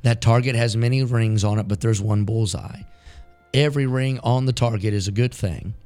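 A man's voice: medium pitch, normal speed, mellow, faint music behind. A man who is a pastor, preaching a sermon built on repeated rhetorical questions.

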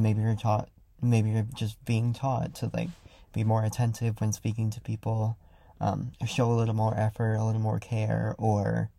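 A young man hosting a casual solo podcast, talking loudly and rambling with lots of fillers as he reflects. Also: on the low side, gravelly, no echo. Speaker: podcast host. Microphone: close studio mic.

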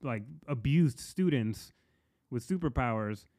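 Male podcast co-host, mid pitch, casual and profane, laughs a lot. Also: measured pace. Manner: animated, laughs often, profane. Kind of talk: casual review chat.

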